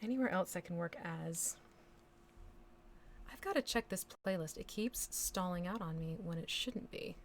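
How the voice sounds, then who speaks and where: A woman's voice: on the low side, moderate pace, a little hiss or hum. Chatty woman painting on a livestream. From United States. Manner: chatty, thinks aloud, hums nonsense syllables. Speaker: miniature painting livestream host. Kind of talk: casual chat while painting live.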